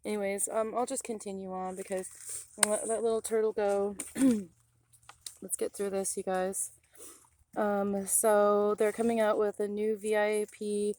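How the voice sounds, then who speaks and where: A woman vlogging outdoors near a forest, rambling with many ums and talking straight to her viewers, sometimes cooing gently to an animal. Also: little pitch movement, a little slow, a little hiss or hum. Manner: coos softly to an animal in a higher voice. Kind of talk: casual rambling vlog.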